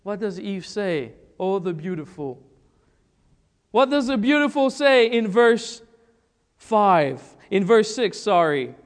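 A man from the Republic of the Congo preaching a sermon, emphatic and full of rhetorical questions and pauses. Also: high-pitched, very animated. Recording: long church-hall reverb.

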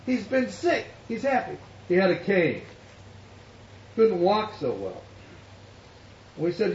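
Man, pastor, high voice, lively storytelling sermon, echoey hall, heard from a distance, dull sound. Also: slight background noise. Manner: animated storyteller acting out quoted voices.

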